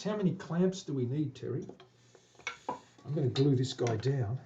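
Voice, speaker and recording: A man's voice: medium pitch, animated, normal speed, mellow, lo-fi sound, slight background noise. A man with an Australian accent, a guitar maker chatting to himself and his viewers as he works in a workshop, muttering under his breath with asides to the audience. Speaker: guitar maker live-streaming a build. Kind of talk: casual live-stream narration while working. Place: woodworking workshop. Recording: distant voice in a workshop.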